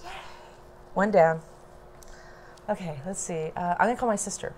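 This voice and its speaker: A woman telling a personal story to a small audience at home, unhurried and low-key, with laughs between lines. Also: a little mellow, slight background noise.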